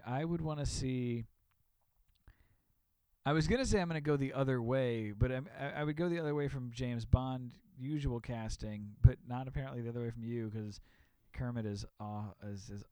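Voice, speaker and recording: A man co-hosting a podcast, bantering in a playful, quick-witted way with frequent laughter. His voice sits at an ordinary male pitch. The sound is dry, with no room echo. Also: a little mellow, clear, resonant tone. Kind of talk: casual chat.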